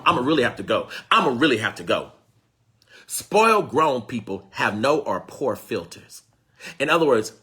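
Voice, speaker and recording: A man preaching with fervor, his husky voice swinging widely in pitch and carrying a bright, forceful edge. He calls out to his listeners, repeats phrases for emphasis and pleads to God between points. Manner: preacherly call-and-response, exclaiming and pleading to God. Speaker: spiritual teacher. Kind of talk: fervent sermon-style teaching.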